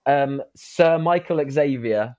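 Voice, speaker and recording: A man co-hosting a podcast, chatting casually and playfully, with gushing excitement. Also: mid-range voice, slow. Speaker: podcast co-host. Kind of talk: casual chat and show outro.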